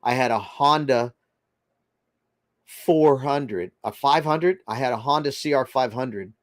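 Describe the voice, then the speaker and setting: A man's voice: mid-range voice, unhurried, dry recording. Older guy rambling on his livestream, reads the chat out, dry close mic, no room sound. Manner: rambling, chatty, reads viewer comments aloud. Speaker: livestream host reading chat.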